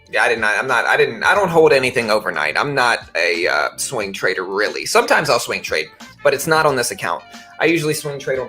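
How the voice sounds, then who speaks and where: A man's voice: medium pitch, sharp tone. A man in his thirties from Louisiana with a faint Louisiana accent, hosting a trading livestream and chatting in a rambling, laid-back way. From Baton Rouge, Louisiana. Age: 30s. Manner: rambling, laid-back, says "bro" and "you know". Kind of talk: casual livestream chat. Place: home office.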